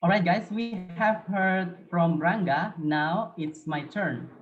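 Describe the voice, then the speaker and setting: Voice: medium pitch, slow, distant mic. Earnest young student on a dull recording. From Papua, Indonesia. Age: young adult. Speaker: student presenter. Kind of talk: class presentation.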